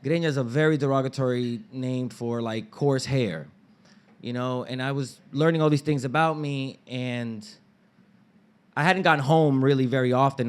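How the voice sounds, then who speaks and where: A man's voice: mid-range voice, clean tone. A man telling a personal story live on stage at a story slam, casual and slangy, acting out family members' lines. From Dominican family background. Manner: animated, acts out family members' lines in raised voices; casual street slang and swearing.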